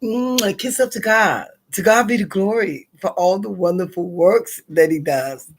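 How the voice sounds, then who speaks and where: Woman, husky voice, chatty vlogger who prays and laughs easily. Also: medium pitch, moderate pace, few pauses. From North Carolina, USA. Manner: chatty and expressive, laughs often, repeats herself while finding words. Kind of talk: casual talk to camera, opening with a spoken prayer.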